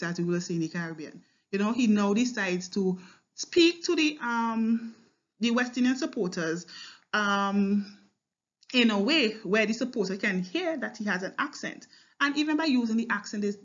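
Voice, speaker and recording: A woman teaching a poem line by line, thinking aloud and often stopping to check with "right?" or "okay?". Her voice sits at an even middle pitch. The recording sounds a little dull and muffled. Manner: explanatory, repeats words with fillers and checks with "right?" and "okay?". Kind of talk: line-by-line poetry analysis lesson.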